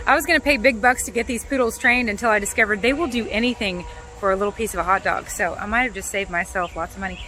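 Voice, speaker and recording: A woman's voice: mid-range voice, normal speed, bright, forceful tone, a little hiss or hum. A woman talking straight to her viewers in a casual vlog, chatty and rambling, restarting sentences often. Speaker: vlogger.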